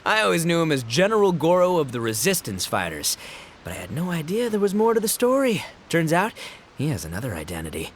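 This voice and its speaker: A man's voice: fairly high pitch, huge pitch swings, fairly quick, a little hiss or hum. An actor playing a brash, boastful young male gang boss in a video game, boisterous and laughing, tripping over fillers. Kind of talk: game voice acting.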